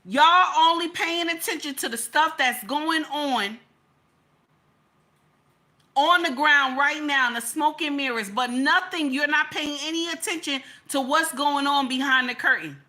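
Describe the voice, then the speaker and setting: Preachy high-voiced woman streaming to her chat. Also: measured pace, sharp tone. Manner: preachy, repetitive, emphatic, says "okay?" often. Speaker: livestream host. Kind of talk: livestream commentary to chat.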